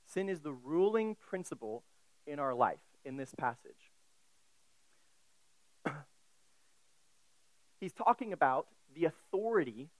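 Slow, deliberate male preacher. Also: a little high, fairly bright tone, no room sound, poor audio. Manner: deliberate, emphatic, with asides and light self-correction. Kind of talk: sermon, expository Bible teaching.

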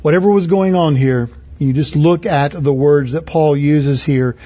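A man preaching with a high, husky voice. He talks earnestly and conversationally, climbing higher when he drives a point home, on a dull, muffled recording. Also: measured pace, warm tone. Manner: earnest and conversational, rising in pitch for emphasis. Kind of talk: sermon.

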